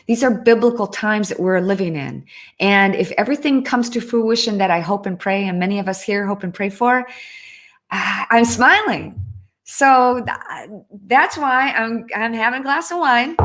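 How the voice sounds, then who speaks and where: A woman hosting a casual livestream, chatting earnestly and reading out viewer comments, often breaking off and restarting. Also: a little high. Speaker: livestream host.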